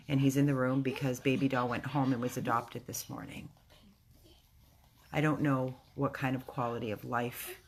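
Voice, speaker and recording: Very low-voiced woman rescue volunteer. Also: a little hiss or hum. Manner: emotional, halting, with restarts. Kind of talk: casual video update. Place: rescue house, indoors.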